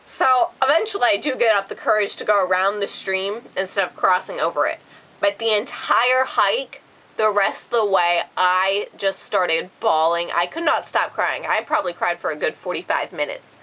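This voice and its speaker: A woman vlogger telling a dramatic storytime, animated and swearing freely. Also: mid-range voice, normal speed, low-quality recording. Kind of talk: storytime vlog.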